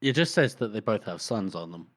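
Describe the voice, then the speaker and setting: A man's voice: fairly low pitch, big pitch swings, brisk, a bit bright. A man co-hosting a podcast, adding matter-of-fact points in casual chat. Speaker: podcast co-host.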